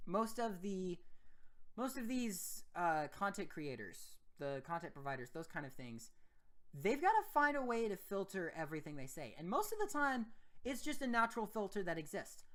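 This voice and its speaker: A man's voice: high-pitched, fairly bright tone. A man giving a casual vlog monologue as a gaming YouTuber, rambling and often restarting his sentences mid-thought.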